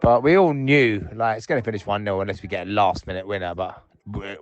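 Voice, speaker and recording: A man's voice: on the low side, a little fast, hardly any pauses, highs cut off. A man leaving angry, rambling, swearing voicemail messages from his sofa at home. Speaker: voicemail caller. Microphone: phone voicemail.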